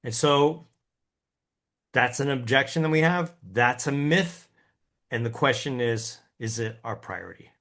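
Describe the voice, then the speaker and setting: A man speaking at an ordinary mid pitch as he teaches a sales class. He talks in a folksy, animated way, acting out his own thoughts and checking in with listeners as he goes. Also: measured pace. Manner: animated, acts out his own inner voice and quotes; folksy, addresses the audience with tag questions. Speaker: real estate sales coach. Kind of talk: lively class talk.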